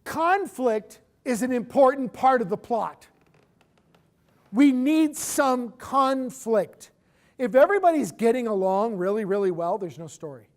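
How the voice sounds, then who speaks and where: Animated woman teaching a lecture. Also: a little slow. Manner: animated, emphatic, with big swings in pitch and loudness. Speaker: instructor.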